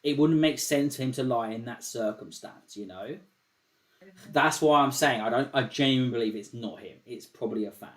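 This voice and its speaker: A man hosting a call-in show in loose, casual chat. He rambles, curses freely and repeats phrases as he works through a point. His voice sits at an ordinary middle pitch. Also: fairly quick, fairly bright tone. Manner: rambling, swears often, repeats himself. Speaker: show host.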